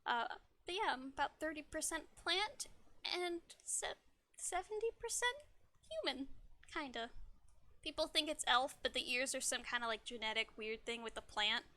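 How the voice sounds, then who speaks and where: A woman's voice: high voice, lively intonation, normal speed, pushed and bright. A young woman streamer chatting casually, bubbly and giggly, often stumbling over her words. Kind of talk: casual livestream chat.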